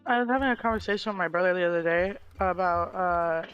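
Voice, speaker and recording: A man's voice: high-pitched, quick pace, fairly bright tone, clear, resonant tone, dull audio, faint music behind. A man in casual chat, speaking earnestly and reflectively.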